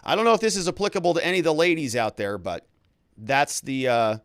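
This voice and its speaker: A man's voice: fairly high pitch, sing-song, fast, fairly bright tone, clean tone, no echo, studio quality. A man who hosts a legal commentary show, talking casually and sarcastically while reading documents aloud. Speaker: lawyer and legal commentary host.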